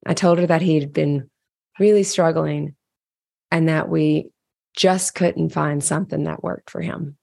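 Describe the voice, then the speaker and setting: Brief: a deep woman's voice with some fry, reading her own diary entry candidly, dry close sound. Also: steady tone, a little slow, warm tone, dry recording. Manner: candid, reflective storytelling. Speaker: caregiver sharing a diary entry. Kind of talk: personal diary narration.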